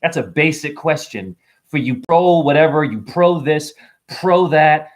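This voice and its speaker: A man giving a rambling spiritual monologue to camera, animated and preachy, joking, exclaiming and swearing casually. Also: on the high side, a little slow. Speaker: spiritual vlogger.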